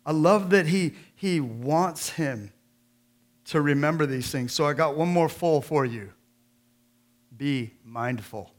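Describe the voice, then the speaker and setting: A middle-aged man preaching a sermon in church, swinging between joking folksy asides and loud, emphatic scripture reading. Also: on the high side, takes it slowly. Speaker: pastor.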